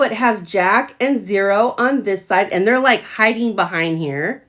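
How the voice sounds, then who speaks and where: Gushing, unhurried woman unboxing a product. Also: medium pitch, fairly bright tone. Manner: gushing, bubbly, exclaims often. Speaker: Scentsy consultant unboxing a product. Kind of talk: excited unboxing vlog.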